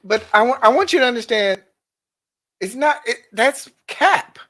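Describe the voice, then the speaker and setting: A man's voice: very high voice, moderate pace, bright, forceful tone. A man hosting casual commentary on a clip, emphatic and repeating words to drive each point home. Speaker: commentary host.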